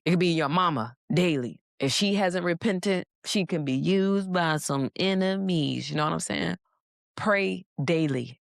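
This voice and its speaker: Low-voiced woman preaching. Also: no echo, studio quality. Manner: preachy, with casual slangy asides. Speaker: faith speaker. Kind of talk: motivational sermon.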